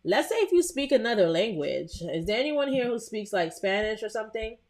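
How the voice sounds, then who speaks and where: A young adult woman hosting a live tutorial in a casual, chatty way, talking to viewers and filling pauses with um. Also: fairly high pitch, big pitch swings, a little mellow. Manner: chatty, talks to live viewers, frequent "um" and restarts.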